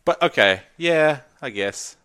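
A man's voice: a little high, lively intonation, takes it slowly, bright, forceful tone, clean tone. A man chatting casually about a tabletop game, rambling, swearing freely and laughing often. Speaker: tabletop game podcast co-host. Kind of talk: casual chat.

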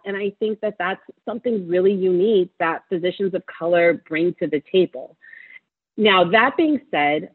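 A woman's voice: on the low side, slightly rough. Teary passionate woman doctor on a phone line. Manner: passionate, warm-hearted, preaching encouragement. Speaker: physician. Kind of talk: interview answer, emotional testimony.

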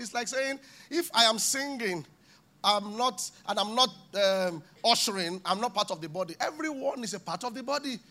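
A man preaching a sermon in a church with a high, bright voice. He is animated, slipping into little acted-out scenes and voices as he talks. The tone stays lively throughout. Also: normal speed. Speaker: pastor.

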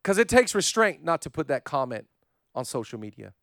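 A man preaching a sermon as pastor, swinging from loud fervent repetition down to soft, low, hushed passages and speaking straight to viewers online. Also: very animated, fairly quick, vocal fry, dry recording, clean studio sound. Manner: addresses online viewers directly.

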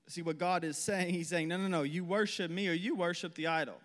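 A young man preaching a sermon with passion. He stumbles and repeats words, then drops into quiet prayer. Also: a little high, moderate pace. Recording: long hall reverb.

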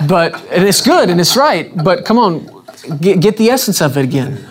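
A man's voice: high voice, big pitch swings, fast. A man preaching a sermon, repeating questions to his congregation with emphatic restarts.

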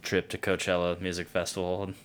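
A man's voice: deep voice, completely flat delivery, a little fast. A man in his thirties, a podcast guest, telling laid-back stories in casual chat and swearing freely.

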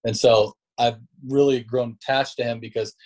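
A man's voice: mid-range voice, fairly even intonation, normal speed, a little mellow. A man talks easily through stories as a podcast guest, loose and slangy in his phrasing. His voice sits in an ordinary middle register with a casual, conversational flow. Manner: laid-back, slangy, says bro and dude. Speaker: podcast guest, sales leader. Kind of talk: casual storytelling interview talk.

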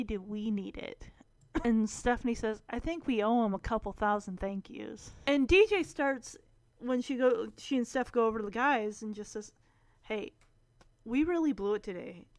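Woman, casual recap, lively acted-out quotes, fairly high voice, dry close sound. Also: no room sound. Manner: animated retelling, acts out characters' lines, laughs often. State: choked up. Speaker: show recapper.

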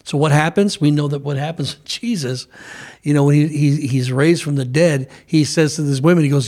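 A man's voice: fairly high pitch, fairly quick, a little mellow. A man preaching on a broadcast program, speaking fervently with frequent restarts. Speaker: preacher and co-host.

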